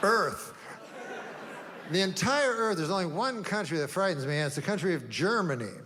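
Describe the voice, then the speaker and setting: A deadpan male comedian works through a rambling stand-up set at a slightly high pitch. His voice rings with a long hall reverb over faint background noise. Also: moderate pace. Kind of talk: stand-up routine. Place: comedy stage before a live audience.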